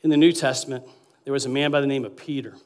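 A man preaching as a guest pastor, lively, acting out quotes and swinging between loud and quiet passages. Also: mid-range voice, fast talker. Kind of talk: sermon.

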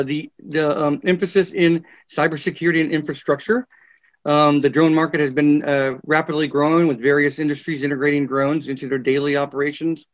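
A man presenting courses in a webinar, reading descriptions with frequent fillers and pauses. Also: fairly high pitch, no echo. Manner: halting, many fillers, reads course descriptions. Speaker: university program presenter. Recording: dull, dry lo-fi webinar audio.

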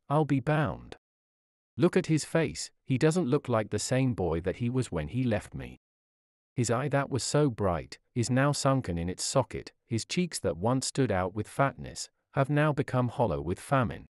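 A man's voice: medium pitch, big pitch swings, unhurried, a little mellow, no echo, clean studio sound. A man reading a sermon aloud, voicing an old father who speaks with tender pity about his ruined son. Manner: tender, pitying exclamations.

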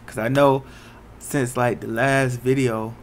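A man vlogging casually from inside a car, excited and repeating himself as he teases an announcement to his viewers. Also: medium pitch, takes it slowly. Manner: excited, repetitive, keeps teasing an announcement. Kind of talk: casual vlog to camera. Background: faint car noise.

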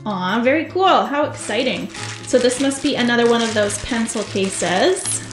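A woman hosting a toy unboxing video, gushing with excitement and talking straight to her viewers. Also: fairly high pitch, moderate pace. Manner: gushing, excitable, talks to viewers as "you guys". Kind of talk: casual unboxing commentary. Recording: echoey room with faint music.

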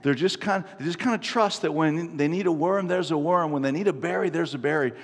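50s guy preaching, kinda high voice, telling funny stories on himself, big echoey hall. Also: brisk. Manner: animated, self-mocking storyteller. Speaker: pastor. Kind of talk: sermon with humorous storytelling. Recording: long reverb from a large hall.

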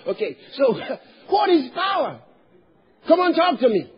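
A man from Nigeria preaching a sermon as pastor, animated, drawing responses from the congregation and rising to loud emphatic shouts. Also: extremely high pitch, moderate pace, husky, lo-fi sound.

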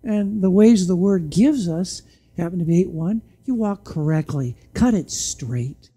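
Animated and unhurried, with a breathy edge, a pastor preaches a sermon in church. He fires rhetorical questions at the congregation and sometimes falls to a quiet, low voice to land a point.

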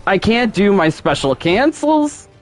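A man giving live gameplay commentary in a fairly high, animated voice that swoops up and down. He talks slowly, sounds exasperated and repeats himself, speaking to himself and his chat. Game music plays faintly behind him. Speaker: gaming streamer.

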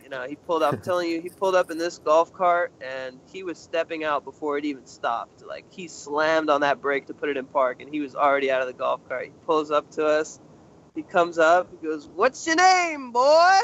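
A man's voice: fairly high pitch, a little fast. A young man, a guest in an interview, casually telling a story and acting out what others said. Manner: animated, acts out other people's lines in a raised voice. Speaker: interview guest, urban explorer. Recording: slightly muffled with faint noise.

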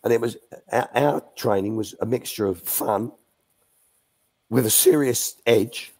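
A man's voice: mid-range voice, measured pace, darkish tone. An older man, a former youth coach, telling anecdotes as a guest in a live Q&A, restarting sentences as he goes. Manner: chatty, restarts sentences, acts out quotes.

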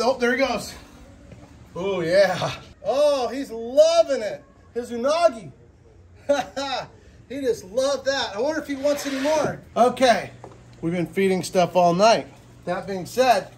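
Brief: high-pitched, excitable male zookeeper vlogging at feeding time, mic a bit far off. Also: slight background noise. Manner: excitable, lots of whoas, coaxing animals. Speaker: reptile zoo keeper. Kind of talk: casual vlog narration while feeding animals. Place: reptile zoo after hours.

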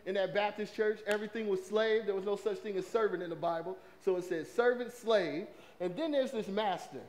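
A man delivers a sermon. His voice sits high for a man. He talks in a loose, conversational way and keeps asking the congregation questions. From American South. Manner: lively, conversational preaching with crowd prompts. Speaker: pastor.

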